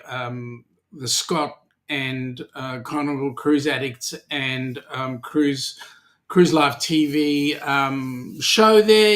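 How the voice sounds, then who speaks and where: A man with an Australian accent co-hosting a casual live-stream chat, greeting viewers by name and teasing them. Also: fairly high pitch. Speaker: podcast co-host.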